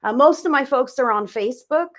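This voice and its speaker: A woman's voice: high-pitched, expressive, fairly quick. A woman hosting a live tarot reading stream, chatting casually with her viewers, sometimes swearing and sometimes turning away from her microphone. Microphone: desk mic, turns away from it at times.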